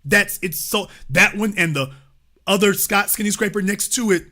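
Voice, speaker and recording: Commentary host, male, bright, forceful voice; emphatic, stretches key words, swears freely. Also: sits high. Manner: emphatic, rhetorical questions, drawn-out stresses, swearing. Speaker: host of a political commentary show. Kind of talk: impassioned political commentary.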